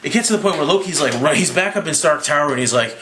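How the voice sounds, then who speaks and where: A slightly drunk young man recapping a movie in a rambling, profane, excitable way. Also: fairly high pitch, fast, reverberant, background noise. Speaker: movie reviewer.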